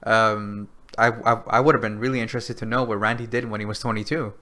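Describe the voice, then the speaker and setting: A man's voice: lowish voice, flat delivery, fast, bright, forceful tone. A man co-hosting a podcast, chatting casually and retelling scenes with quoted lines and lots of fillers. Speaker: podcast co-host. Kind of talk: casual recap chat.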